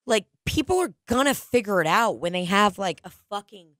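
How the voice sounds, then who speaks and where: A woman with a St. co-hosts a podcast, rambling through profane stories and breaking into quick impressions. Her voice sits at an ordinary middle pitch. The sound is dry and close, with no room around it. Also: expressive, a bit bright, no echo. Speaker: podcast co-host. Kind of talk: casual podcast chat.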